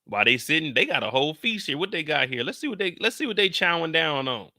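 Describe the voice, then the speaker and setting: A man's voice: fairly high pitch, very animated, quick pace, pushed and bright, no room sound, clean studio sound. A man hosting a casual TV episode recap, joking, swearing and talking straight to his viewers. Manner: profane, joking, addresses viewers directly. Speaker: TV show recap host.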